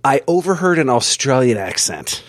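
A man's voice: medium pitch, sing-song, moderate pace, no echo. A man chatting casually on a podcast, telling rambling, self-mocking stories. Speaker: podcast guest. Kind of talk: casual chat.

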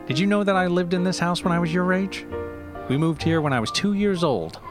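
A man's voice: high voice, brisk, pitched above the performer's own voice, close to an everyday voice. A man playing an aging comedian who hosts his own show, nostalgic and rambling, stammering through hesitant restarts, with faint music behind. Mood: chummy. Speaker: show host. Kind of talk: comedy audio sketch.

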